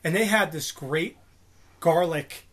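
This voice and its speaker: Speaking slowly in a somewhat high voice over a noisy background, a podcast co-host in his forties from New Jersey tells a meandering story. It's casual storytelling chat, riddled with fillers and restarts.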